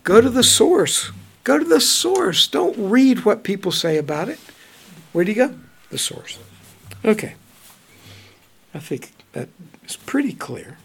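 A man preaching a Bible study, reading verses slowly and then commenting in a relaxed, conversational way. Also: sits high, slightly rough. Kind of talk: bible teaching.

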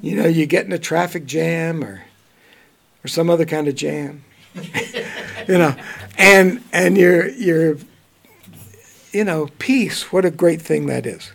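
Gravelly, high-voiced man teaching scripture. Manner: reads scripture slowly, then comments conversationally with chuckles. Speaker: preacher. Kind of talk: bible teaching.

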